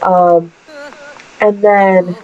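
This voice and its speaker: A woman's voice: lowish voice, flat delivery, drawn-out words, dull audio. A young woman hosting a let's play, giving chatty, giggly commentary on her game. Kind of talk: casual gameplay commentary.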